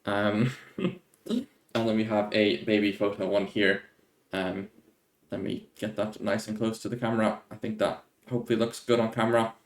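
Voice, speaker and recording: A man's voice: on the low side, steady tone, moderate pace, a little hiss or hum. A young man chatting casually through viewer questions, rambling and laid-back, easily amused. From Ireland. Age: young adult. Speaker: YouTuber answering viewer questions. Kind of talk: casual Q&A chat. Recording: echoey room.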